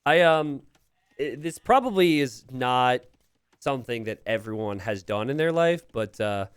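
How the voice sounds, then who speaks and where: A man's voice: medium pitch, expressive, unhurried, clear, resonant tone, dry recording. A young man from Pennsylvania casting a strategy game on a live stream, rambling casually and chatting with viewers. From Pennsylvania, USA. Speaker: game caster.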